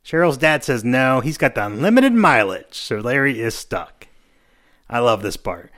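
A man's voice: mid-range voice, very animated, normal speed, fairly bright tone. A man co-hosting a podcast, casually recapping scenes and acting out the characters' lines. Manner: narrates scenes, acts out lines. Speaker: podcast co-host. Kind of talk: casual chat, recapping an episode.

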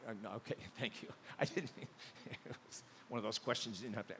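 A man preaching a sermon in a big hall, his voice trailing off in a long reverb. He tells stories and builds to loud, emphatic high points. A faint hiss sits under the recording. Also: animated, fast talker. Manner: storytelling, rising to loud emphatic peaks. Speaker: pastor.

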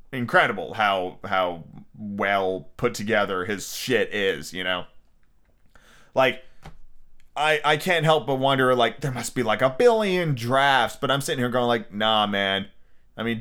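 A man's voice: lowish voice, fairly bright tone. Profane, opinionated podcast reader man. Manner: profane, blunt and opinionated asides. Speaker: podcast host reading a novel aloud. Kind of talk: casual audiobook reading with rants.

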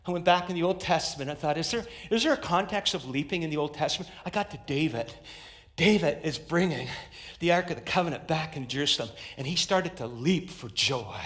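A man preaching a sermon, swinging from hushed, slow lines to sudden shouted climaxes. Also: a little high. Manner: dynamic, swings between loud and hushed. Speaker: pastor.

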